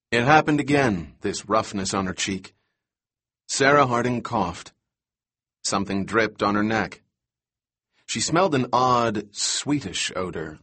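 A man reading a novel aloud as an audiobook narrator, in a measured, suspenseful manner. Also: fairly low pitch, a bit bright, breathy edge. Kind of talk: scripted narration.

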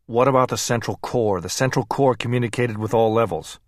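A man's voice: medium pitch, fairly quick, dry recording, clean studio sound, natural voice. Man voicing a tense male scientist.

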